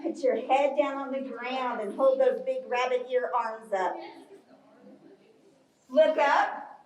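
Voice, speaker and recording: A woman's voice: high-pitched, slight background noise. A woman leading a children's yoga storytime class in a library, cheery and encouraging with small children. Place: library room. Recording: echoey room from far off.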